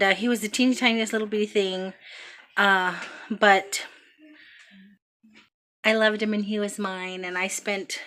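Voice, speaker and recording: A woman telling a heartfelt story about her son's birth in a casual vlog, with many pauses and ums. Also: mid-range voice, sharp tone. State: out of breath. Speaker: vlogger, mother.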